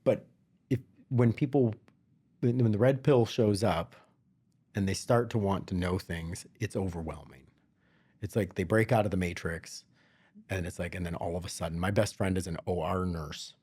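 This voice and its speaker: A man hosting a podcast, telling animated stories and acting out the dialogue in casual chat. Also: low-pitched, moderate pace, breathy edge. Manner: animated storyteller, acts out dialogue. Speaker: podcast host.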